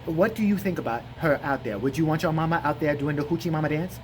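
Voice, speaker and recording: A man imitating an older male interviewer who talks in a slow, flat, drowsy drawl. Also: on the high side, a little hiss or hum, natural voice. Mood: provoking.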